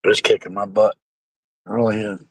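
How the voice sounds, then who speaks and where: A man's voice: fairly low pitch, level tone, brisk, no room sound, low-quality recording. A man chatting casually and rambling with his viewers on a live stream, sounding like he has a bad cold. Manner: rambling, salty, joking.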